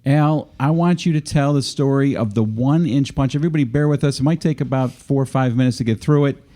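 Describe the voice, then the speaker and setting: Mellow, easygoing podcast host. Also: male voice, medium pitch. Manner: easygoing, slow lead-in with laughs. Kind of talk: casual podcast chat.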